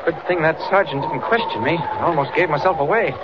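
A man's voice: on the high side, fairly quick, close to an everyday voice. An actor playing an earnest young male reporter who is secretly a hero, urgent and eager, in 1940s radio acting. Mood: musing. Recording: dull noisy 1940s radio recording.

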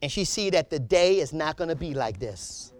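Male preacher, passionate sermon, very animated pitch, high voice, builds to shouts. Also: normal speed. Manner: impassioned, rising to shouts, call-and-response with congregation.

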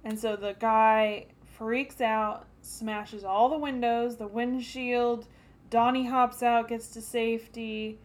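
Slightly high-voiced woman retelling a film. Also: steady tone, slow pace. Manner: narrates scenes step by step with quoted voices. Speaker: podcast co-host. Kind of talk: casual chat recapping a film.

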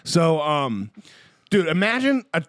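A man's voice: fairly high pitch, very animated, slow, fairly bright tone, no echo, studio quality. A man hosting a casual podcast chat, profane and rambling, with lots of "like" fillers. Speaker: podcast host.

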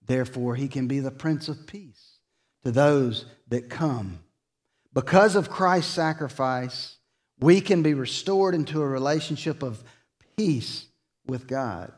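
A male pastor preaching a sermon in a church, slow and dramatic, rising to loud emphasis and dropping soft. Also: mid-range voice. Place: church sanctuary.

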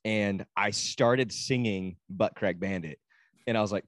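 Low-voiced man, dry close sound. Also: moderate pace, dry recording. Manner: rambling, laughs easily. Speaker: co-host, youth minister and musician. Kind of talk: casual podcast chat.

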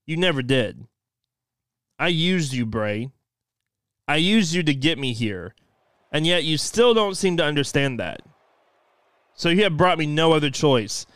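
A man voicing a brooding, worn-out male wrestler in a low, subdued, deliberate way. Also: fairly bright tone, clean tone, dry recording, clean studio sound.

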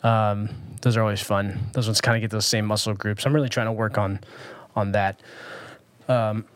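A man's voice: lowish voice, steady tone, normal speed, no room sound. A man from Southern California talking casually about his day in a vlog, rambling with many ums and restarts. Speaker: vlogger.

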